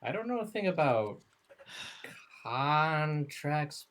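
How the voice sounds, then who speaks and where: A man's voice: on the high side, very animated, takes it slowly, a bit bright. A man playing a tabletop game, skeptical and teasing in casual chat. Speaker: player.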